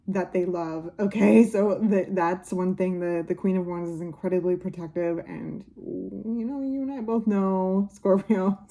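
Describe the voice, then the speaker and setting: Woman, tarot reader, casual reading to camera, musing, many fillers, dark mellow voice, slow. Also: lowish voice, gravelly. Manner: unhurried and musing, many fillers, speaks warmly to viewers.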